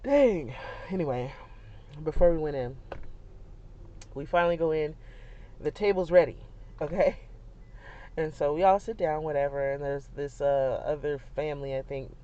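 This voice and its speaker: A young woman, a mother, telling a family story in a chatty, animated way, with many fillers and frequent laughs. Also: low-pitched, normal speed, pauses often. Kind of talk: casual storytelling vlog. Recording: dull lo-fi sound.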